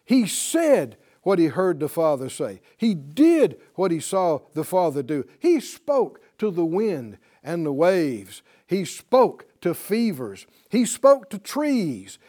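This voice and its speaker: High-voiced man teaching bible class, slow and emphatic, keeps asking the students questions. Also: very animated, warm tone.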